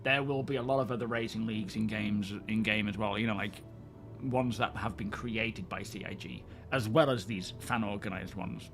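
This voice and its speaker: A man's voice: fairly low pitch, fairly even intonation, normal speed, a bit bright, soft background music. A man hosting a live stream, chatting casually and greeting viewers as he rambles.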